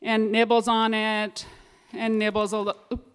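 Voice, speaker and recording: A woman narrating a children's story at a family service, lively and animated. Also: fairly high pitch, a little slow, clear, resonant tone. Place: synagogue sanctuary. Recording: echoey hall with long reverb.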